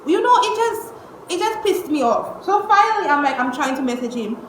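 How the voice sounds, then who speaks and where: A young woman, telling a storytime vlog at home in an exasperated, animated way, cursing and using slang. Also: high-pitched, fairly quick. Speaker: vlogger. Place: indoors at home. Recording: echoey room with faint noise.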